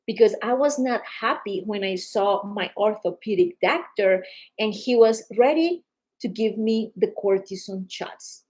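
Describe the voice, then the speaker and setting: A woman's voice: mid-range voice, unhurried, poor audio. A woman with a non-native English accent, talking casually and emphatically to viewers on a live stream. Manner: animated, emphatic, calls viewers darling. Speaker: social media host.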